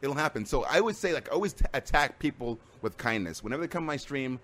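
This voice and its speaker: A man streamer chatting casually, rambling through animated stories with many restarts. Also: mid-range voice, fast talker. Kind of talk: casual chat.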